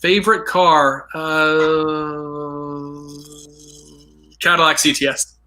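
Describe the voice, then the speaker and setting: A man's voice: a little high, fairly even intonation, extremely slow, bright, forceful tone, low-quality recording. A man being interviewed as a guest over a video call, explaining in a casual, conversational way. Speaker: guest, news producer. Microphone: computer mic on a video call.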